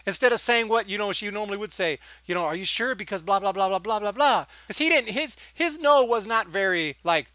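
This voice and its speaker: A man's voice: high voice, animated, fairly quick, few pauses, pushed and bright, dry recording. A man giving a casual, sarcastic movie review, exasperated and acting out lines of dialogue. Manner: sarcastic, exasperated, acts out quotes.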